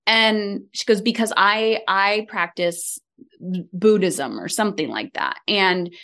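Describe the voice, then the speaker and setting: A middle-aged woman speaks as a coach on a podcast, acting out the voices in her stories. Her pitch sits in the middle and swings freely as she talks. She moves from close, warm advice to animated re-enactments. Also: unhurried. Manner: animated storytelling, acts out quoted lines. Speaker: podcast guest, leadership coach. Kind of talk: conversational interview.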